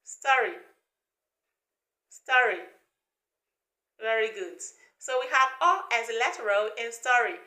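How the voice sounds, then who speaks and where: A woman leads an English pronunciation lesson, pacing herself slowly and drilling each vowel sound again and again. Her voice sits a little high and sounds bright. The room is echoey around her. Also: lively intonation. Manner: slow, deliberate, repeats sounds for learners to copy. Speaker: pronunciation teacher.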